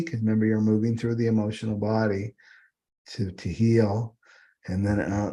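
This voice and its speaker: A man's voice: lowish voice, level tone, moderate pace, mellow. Man rambling through an astrology lesson. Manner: rambling, repeats "right?" often. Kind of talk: unscripted astrology teaching.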